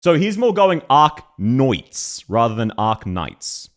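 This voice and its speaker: Lively, chatty Australian man streaming. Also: medium pitch, moderate pace. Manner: chatty, self-deprecating, swears, laughs often. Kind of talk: casual live-stream chat.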